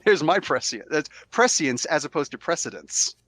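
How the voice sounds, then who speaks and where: Animated sick man hosting a podcast. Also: a little high, moderate pace. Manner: animated, argumentative, acts out quotes. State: sick with a cold. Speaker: podcast host. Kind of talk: casual debate chat.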